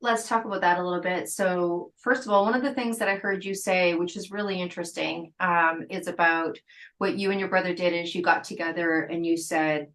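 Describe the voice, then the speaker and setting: A woman's voice: lowish voice, steady tone, brisk, fairly bright tone, rough recording. Chatty woman podcast host in her fifties. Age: 50s. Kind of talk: casual interview chat.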